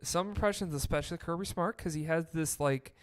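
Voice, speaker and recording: A man co-hosting a casual sports podcast, talking in a slow, rambling way with fillers. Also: on the high side, smooth. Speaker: podcast co-host.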